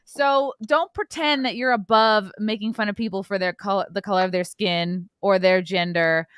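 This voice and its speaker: Bright, crisp-voiced woman ranting. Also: mid-range voice, no room sound, clean studio sound. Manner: blunt, ranting, quick. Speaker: livestream host. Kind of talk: casual chat.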